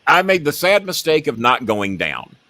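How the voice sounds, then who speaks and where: A man's voice: fairly high pitch, big pitch swings, moderate pace, pushed and bright. A middle-aged man hosting a talk show, telling a long story and acting out the quotes in it.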